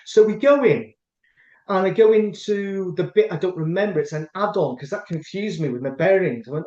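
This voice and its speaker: A man's voice: high voice, moderate pace, darkish tone. A middle-aged man with a Scottish accent, host of a casual chat, telling a long rambling anecdote with lots of restarts. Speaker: podcast host. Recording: echoey room, dull lo-fi sound.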